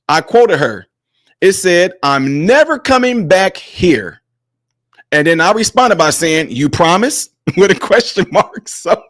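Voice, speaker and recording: A man's voice: high-pitched, fairly bright tone, dry recording, clean studio sound. A man hosting a commentary vlog, combative and mocking, speaking straight to his viewers. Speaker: host.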